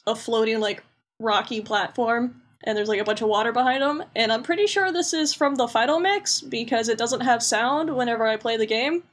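A woman co-hosting a podcast, casually recapping a video game in a rambling, joking and blunt way, full of fillers. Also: a little high. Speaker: podcast co-host.

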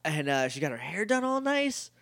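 A man's voice: fairly high pitch, dry recording, clean studio sound. A man co-hosting a podcast, recapping a show in casual chat, talking animatedly with many "like" fillers. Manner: animated, quick, lots of "like" fillers. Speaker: podcast co-host.

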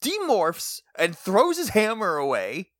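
A man's voice: high-pitched, slow pace, no echo, clean studio sound. A man co-hosting a podcast, giggling and dropping into mock voices as he recaps a show. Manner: giggly, lively, drops into mock quoted voices. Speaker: podcast co-host. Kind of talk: casual chat recapping a show.

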